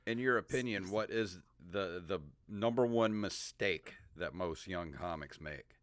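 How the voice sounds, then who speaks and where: Deep-voiced co-host asking questions. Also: male voice, a little slow, no room sound. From South Mississippi. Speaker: podcast co-host. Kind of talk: casual podcast questions.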